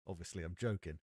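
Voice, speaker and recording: A man's voice: sits low, mellow, husky, no echo. Man thinking aloud on a stream. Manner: thinking aloud while reading card text. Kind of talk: casual live-stream chat. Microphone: XLR mic.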